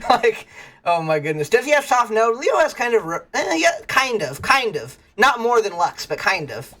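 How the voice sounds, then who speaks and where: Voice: medium pitch, normal speed. A streamer in a casual livestream chat, telling rambling stories, laughing often and greeting viewers in chat. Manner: animated, rambling storyteller.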